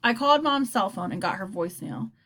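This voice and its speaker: Lively woman reading a children's novel. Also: mid-range voice, brisk. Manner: expressive first-person storytelling. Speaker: audiobook reader.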